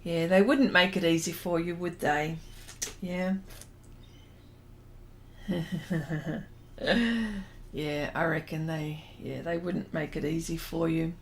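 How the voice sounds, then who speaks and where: A woman's voice: low-pitched, slow, pauses often, slight background noise. A middle-aged Australian woman casually chatting with her livestream viewers, giggly and hesitant with many ums. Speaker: artist hosting a livestream. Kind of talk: casual chat reading out viewer comments.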